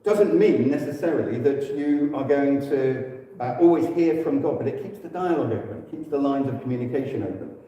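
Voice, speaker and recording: English man, warm low-key church speaker, chatty with fillers; roomy hall sound from afar. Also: fairly quick, muffled recording. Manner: relaxed and conversational, with frequent fillers and self-corrections. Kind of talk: informal church teaching talk. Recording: echoey hall, distant mic.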